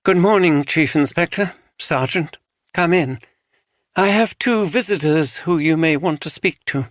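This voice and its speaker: A man's voice: fairly high pitch, unhurried, fairly bright tone, no echo, studio quality, voice pushed up. A man voicing a weary, distracted bereaved husband. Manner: tired, distracted. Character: weary bereaved middle-aged male rector's husband.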